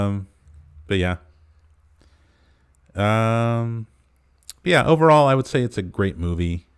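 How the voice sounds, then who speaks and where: Deep-voiced man rambling through a movie recap. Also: slow, pauses often, clear, resonant tone. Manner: rambling plot recap full of "uh" fillers. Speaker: podcast co-host. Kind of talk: casual movie review chat.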